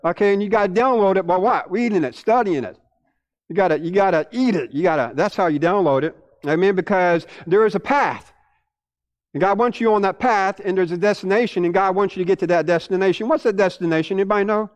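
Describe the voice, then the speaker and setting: A man pastor preaching a sermon to his church, animated, repeating words and swinging between loud and hushed. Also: high voice, quick pace, dull audio.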